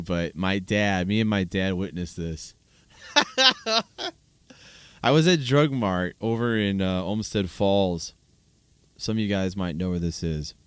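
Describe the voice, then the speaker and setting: A man's voice: on the low side, a bit bright, smooth, no echo. A man in his thirties hosting a solo podcast, chatting casually in a rambling, amused way with frequent restarts. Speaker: podcast host. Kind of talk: solo casual podcast chat reacting to videos.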